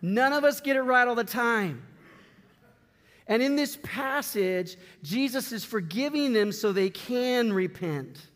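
A man preaching a sermon to a congregation, swinging from loud bursts to hushed, drawn-out words. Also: extremely high pitch, expressive. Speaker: pastor. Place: church sanctuary. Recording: long hall reverb.

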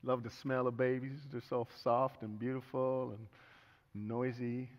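A man's voice: mid-range voice, little pitch movement, unhurried. A middle-aged man preaching a sermon as pastor, telling stories with humor and earnest turns. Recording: echoey hall, dull sound.

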